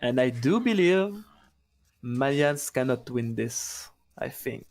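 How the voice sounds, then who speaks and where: A man with a French accent, a native French speaker, co-commentating a game match in a relaxed, tentative way and hedging his opinions. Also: medium pitch, takes it slowly. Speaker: co-caster.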